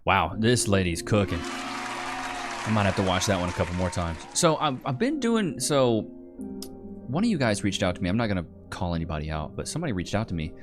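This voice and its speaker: A man's voice: fairly low pitch, lively intonation, a little fast, over music, a crowd in the background. A man hosting a reaction video, chatting casually with his chat and laughing often. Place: home studio in Texas.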